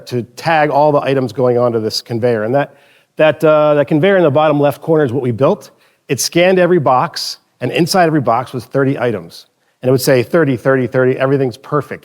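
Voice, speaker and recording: On a stage before an audience, a man gives a conference talk, spinning anecdotes in a relaxed, joking style and often restarting his sentences. His voice sits in the mid-range with a somewhat dark tone.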